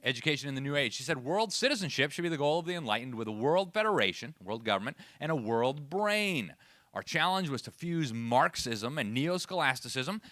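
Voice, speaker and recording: Guy lecturing a crowd, sarcastic, pitch all over, bright voice, dry sound. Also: fairly quick, no echo. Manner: sarcastic, animated, laughs at own asides. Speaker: speaker at education event. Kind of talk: lively lecture to live audience.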